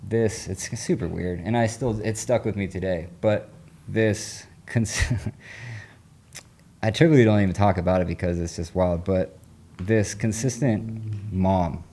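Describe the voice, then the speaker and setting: Man, recovery coach guest, low mellow voice, earnest, rambling, slangy casual storytelling. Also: a little slow.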